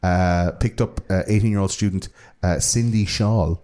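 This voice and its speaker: A man's voice: deep voice, fairly even intonation, moderate pace, mellow. A man recounting a true-crime case in casual chat, full of fillers and restarts. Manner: hesitant, many fillers and restarts, swears casually. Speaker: podcast co-host.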